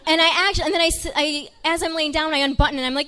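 A woman with a somewhat high voice tells a personal story to an audience. She talks to them directly and chattily, and she acts out the lines she quotes. Her telling is vivid and dramatic. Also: steady tone, fast, pushed and bright. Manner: conversational, addresses listeners directly. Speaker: missionary telling her testimony.

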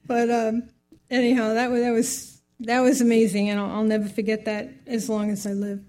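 A woman's voice: on the high side, completely flat delivery, normal speed, dark tone. An older woman giving a heartfelt personal faith testimony, rambling through her story with many asides.

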